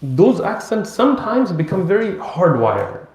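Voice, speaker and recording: A man's voice: high voice, measured pace. Guy lecturing, bouncy storytelling voice, roomy echo. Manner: animated storytelling with acted-out dialogue. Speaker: Islamic teacher.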